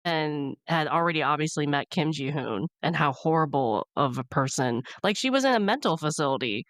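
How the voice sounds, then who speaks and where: Low-voiced woman podcast co-host. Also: expressive, normal speed, no echo, clean studio sound. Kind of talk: casual review chat.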